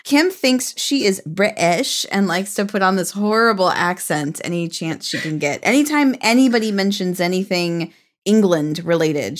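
A woman's voice: mid-range voice, expressive, normal speed. A woman hosting a podcast in casual chat, upbeat and teasing. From United States. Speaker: podcast host.

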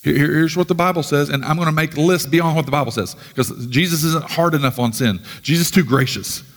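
A man's voice: fairly high pitch, brisk, long reverb tail. A man pastor giving a conversational sermon full of rhetorical questions.

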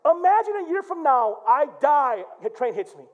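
Animated high-voiced pastor preaching. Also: male voice, normal speed, highs cut off. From Michigan. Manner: animated storytelling, acts out quotes and shouts. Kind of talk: sermon. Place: church.

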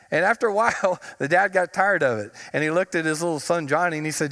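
A man's voice: on the high side, lively intonation, fast talker, hardly any pauses, fairly bright tone. A man preaching a sermon as a pastor, telling humorous stories and stretching out words for emphasis. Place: church. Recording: long reverb of a church sanctuary.

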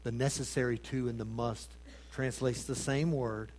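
Male pastor mid-sermon, dramatic shifts from booming emphasis to near-whisper. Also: fairly even intonation, normal speed. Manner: dramatic swings between loud emphasis and hushed tones; addresses congregation with rhetorical questions. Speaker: preacher.

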